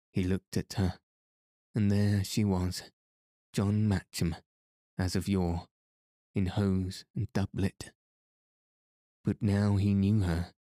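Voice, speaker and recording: A male audiobook narrator telling an old tale in a measured, steady way. His voice is deep with very little melody, and the pace is unhurried. It is recorded close and dry. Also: no room sound. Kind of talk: scripted narration.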